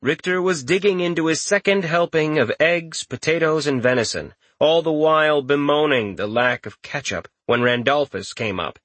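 A man reading an audiobook aloud in a lively, expressive way. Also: fairly high pitch, moderate pace, hardly any pauses, dry recording. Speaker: audiobook narrator. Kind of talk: scripted narration.

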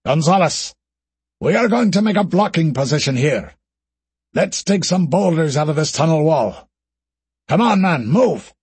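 A man's voice: medium pitch, normal speed, a little mellow, husky, no echo, lightly acted. A man voicing a blunt male commander giving orders to hold the line. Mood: commanding. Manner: firm, commanding.

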